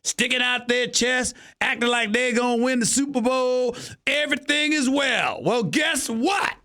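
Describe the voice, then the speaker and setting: A man voicing a mock Southern cowboy fan in a put-on Southern drawl, sing-song and shouting as he teases. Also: extremely high pitch, a little slow, pitched above the performer's own voice, exaggerated voice. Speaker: host.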